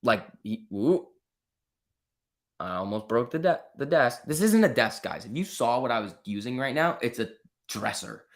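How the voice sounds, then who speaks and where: A man's voice: mid-range voice, sing-song, moderate pace. A man hosting a casual live stream, reading viewer comments aloud and answering them with a joking, lightly teasing manner. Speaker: livestream host.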